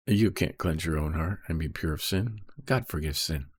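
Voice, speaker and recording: A man's voice: extremely low pitch, normal speed, breathy edge, no echo, studio quality. A man reading Bible verses aloud and explaining them in a casual teaching style, checking in often with "okay?" and "right?".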